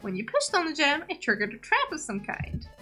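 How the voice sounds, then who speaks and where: A woman's voice: high-pitched, wildly swooping pitch, fairly quick, pushed and bright, soft background music, heavily acted. A woman voicing a fussy, pompous male parrot assistant in a game, speaking in a prim, emphatic way. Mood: questioning.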